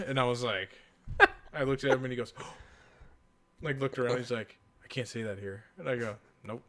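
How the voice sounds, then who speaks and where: A man's voice: mid-range voice, fairly quick, fairly bright tone. A man co-hosting a casual podcast, telling stories about his kids in a laid-back way. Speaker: podcast co-host.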